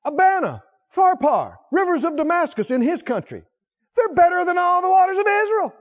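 A man voicing a proud, indignant army commander who rants with a self-important manner, in a higher, louder voice than his own. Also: very animated, takes it slowly, lo-fi sound, full character voice. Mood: boastful.

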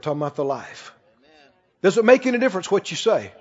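A man's voice: high-pitched, sing-song, quick pace. A male pastor preaching a sermon, emphatic, repeating phrases and quoting scripture. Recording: echoing hall, dull lo-fi sound.

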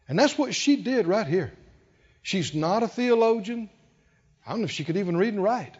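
A pastor preaching a sermon, calling on the congregation to answer and swinging from hushed lows to loud peaks. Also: male voice, husky. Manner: call-and-response preaching, swinging from low hush to loud. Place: church sanctuary. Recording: dull lo-fi sound in a reverberant church.

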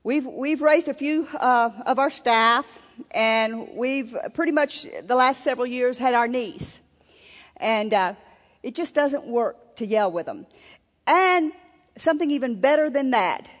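A woman's voice: a little high, lively intonation, a little slow. A woman minister giving an earnest sermon at a marriage seminar, with frequent restarts. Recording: lo-fi recording in a reverberant hall.

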